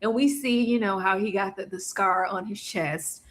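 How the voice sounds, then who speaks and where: A woman co-hosting a casual episode recap, animated and laughing as she acts out characters' lines. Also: medium pitch, moderate pace. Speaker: podcast co-host.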